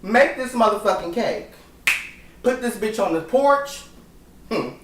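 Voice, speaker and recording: A high, animated male voice, a little slow, with background noise: he's a cooking show host filming a casual vlog at home. The delivery is campy, sassy and crude, and the echoey room is picked up by a mic placed at a distance.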